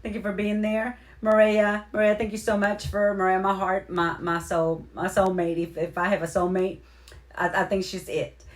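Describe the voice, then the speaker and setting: A woman hosting a casual livestream, giving effusive, rambling shout-outs and repeating her thanks to viewers. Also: mid-range voice, flat delivery, normal speed. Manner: heartfelt, near tears at moments. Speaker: livestream host.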